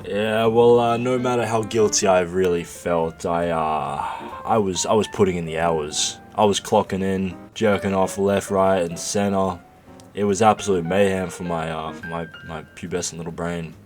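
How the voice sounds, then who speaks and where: A young man telling a confessional comedy story in a profane, rambling, excitable way. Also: low voice, normal speed, faint music behind. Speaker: vlogger.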